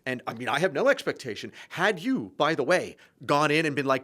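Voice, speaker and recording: A man's voice: on the high side, very animated, brisk, fairly bright tone. Reflective man spinning long arguments. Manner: reflective, builds long arguments, acts out quoted lines. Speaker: filmmaker. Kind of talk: casual podcast conversation.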